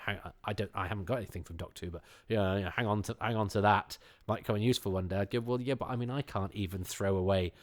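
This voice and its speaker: Low-voiced rambling enthusiastic man. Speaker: podcast guest. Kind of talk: casual chat.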